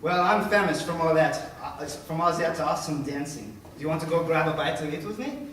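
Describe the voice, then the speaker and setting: An actor playing a brash young French student who speaks with a French accent, theatrical and teasing, in a staged reading recorded echoey and from a distance. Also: male voice, on the high side, lively intonation, fairly quick, fairly bright tone, a little hiss or hum. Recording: echoey room from far off.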